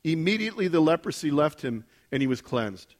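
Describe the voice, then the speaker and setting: Conversational pastor preaching, fairly high voice. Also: male voice, big pitch swings, fairly quick. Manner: conversational, asks the congregation questions, builds to intense emphasis. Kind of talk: sermon.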